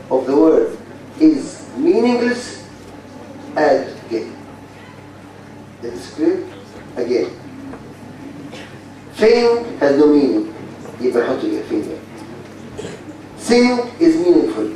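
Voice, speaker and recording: A man's voice: on the high side, big pitch swings, measured pace, long pauses, mellow. Egyptian man lecturing in an echoey hall. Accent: Egyptian Arabic. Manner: repetitive, drilling students, blunt. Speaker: university phonetics lecturer. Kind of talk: classroom lecture mixing English and Egyptian Arabic. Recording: very echoey hall, distant mic, faint hiss.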